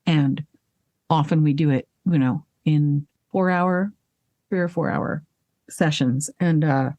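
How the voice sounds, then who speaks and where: A woman voice actress and singer talking candidly as an interview guest, animated, swearing freely and laughing at herself, with hiccups breaking in now and then. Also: deep voice, slow, no echo, lo-fi sound. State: hiccuping and burping. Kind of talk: casual interview conversation.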